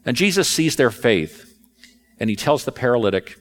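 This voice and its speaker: A male preacher tells his story in an easy, conversational way, his pitch swinging up and down with lively emphasis. The voice sits in the middle of the male range and sounds animated throughout. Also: brisk. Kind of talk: sermon.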